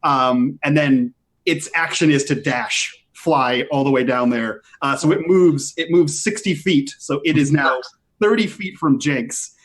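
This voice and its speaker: A man playing a tabletop game, excitable and quick to swear and laugh. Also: fairly high pitch. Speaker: player. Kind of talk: casual tabletop play.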